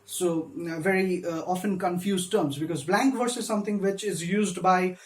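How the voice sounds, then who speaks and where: A man's voice: high-pitched, moderate pace. A man who gives a literature lecture, patiently explaining step by step and stressing syllables when he demonstrates them. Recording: echoey room.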